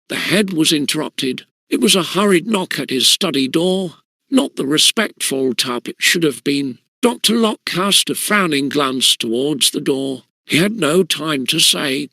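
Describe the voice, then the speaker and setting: A man narrating an audiobook in a measured storytelling manner. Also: a little high, expressive, vocal fry, sharp tone, no room sound. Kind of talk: scripted narration.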